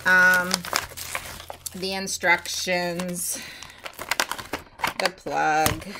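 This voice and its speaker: A woman's voice: on the low side, creaky, noisy background. A woman chatting casually in a home vlog, rambling and candid as she shows off nail supplies, with lots of fillers. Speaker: nail artist selling supplies. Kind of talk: casual show-and-tell vlog.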